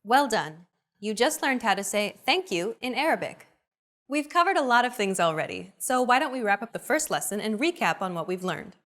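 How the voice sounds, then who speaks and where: A young adult woman hosting a language lesson in an upbeat, clear teacherly delivery. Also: a little high, sing-song, moderate pace, a bit bright. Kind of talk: scripted lesson narration.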